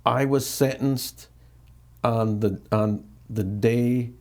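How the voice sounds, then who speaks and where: Slow and medium-pitched, a middle-aged man from the United States tells a candid story as an interview guest. He's animated throughout, repeating and restarting frequently and dramatizing the quotes.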